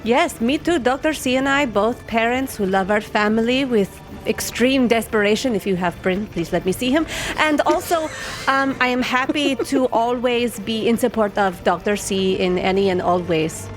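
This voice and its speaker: A woman's voice: on the high side, normal speed, lightly acted. Woman doing a blunt scheming mom, exaggerated, music behind. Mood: eager. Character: intense, desperate mother, scheming woman.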